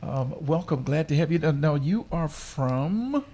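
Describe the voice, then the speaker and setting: A man hosting a faith radio show, chatting casually with many fillers and halting restarts. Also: fairly high pitch, expressive, dark tone. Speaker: radio host.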